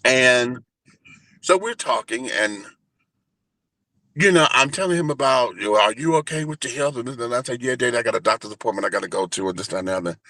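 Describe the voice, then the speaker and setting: A man in his forties telling a personal story in an animated, flamboyant, profane way during a casual interview. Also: medium pitch, brisk, no echo. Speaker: guest, entertainer and radio host.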